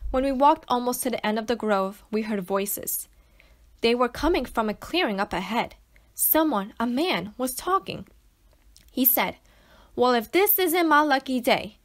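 A woman reading a children's novel aloud to schoolchildren, with an expressive storytelling manner. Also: fairly high pitch, normal speed. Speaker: teacher reading to students.

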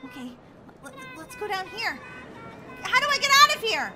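A frightened young girl, voiced by a woman, stumbles through a nightmare with a very high, squeaky voice. She talks to herself in a frantic, stammering rush. Music plays under the roleplay game scene. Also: sing-song, moderate pace. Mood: desperate. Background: background music.

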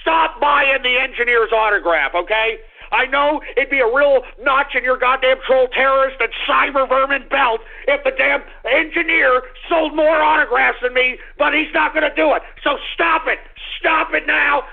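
A male radio host ranting angrily at his callers, cursing and yelling at them. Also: very high voice, moderate pace, gravelly. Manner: angry, cursing, yells at callers. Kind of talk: call-in radio rant. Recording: phone-like radio audio.

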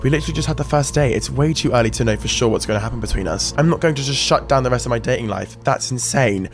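A blocky game hero man on a date, calm and reasoning, as a young man reads him out. His pitch sits in the middle and he stays matter-of-fact while explaining himself. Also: quick pace, soft background music, close to an everyday voice. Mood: defensive. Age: 20s.

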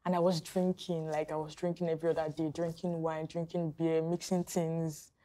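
Frank woman with a lowish voice. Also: flat delivery, moderate pace, dark tone. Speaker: interviewee. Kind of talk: personal testimony.

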